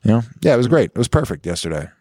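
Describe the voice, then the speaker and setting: A man in casual podcast chat, speaking in a low-key, halting way with deadpan quips. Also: husky, no room sound.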